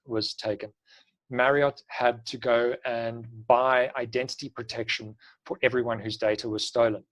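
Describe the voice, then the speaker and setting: Brisk man teaching. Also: medium pitch, low-quality recording. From South Africa. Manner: brisk, practical, advisory. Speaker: instructor. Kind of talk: online class lecture.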